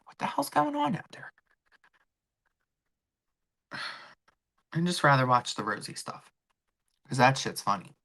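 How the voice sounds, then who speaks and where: A woman's voice: extremely low pitch, fairly bright tone. A woman hosting a casual chat livestream, rambling and swearing freely as she talks to her viewers. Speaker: livestream host.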